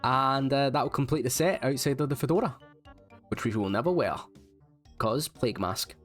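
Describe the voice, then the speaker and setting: A man's voice: mid-range voice, moderate pace. Male gaming vlogger, wry self-mocking voice-over, faint music bed. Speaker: gaming YouTuber. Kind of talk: casual game commentary voice-over.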